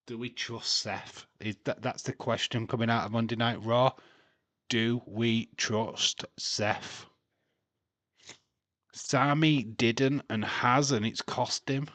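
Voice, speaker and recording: A livestream host leads a live wrestling watch-along, offering casual commentary while laughing a lot and teasing the people in his chat. His mid-range voice is steady, unhurried and a bit bright, with no room sound. He's chatty, reading chat messages aloud and poking fun at them.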